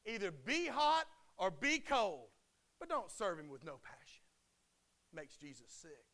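A man preaching a sermon, swinging between loud impassioned declarations and hushed, quiet drops. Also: sits high, very animated, measured pace.

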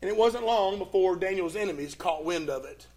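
A man preaching a sermon and retelling a Bible story, with dramatic pauses and swings from loud to hushed. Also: sits high.

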